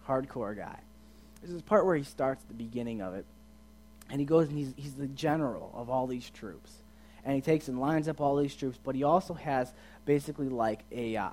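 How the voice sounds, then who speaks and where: A man giving a casual sermon as a youth pastor, chatty and asking his listeners questions, swinging from quiet to loud and emphatic. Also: mid-range voice. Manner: chatty, asks the audience questions.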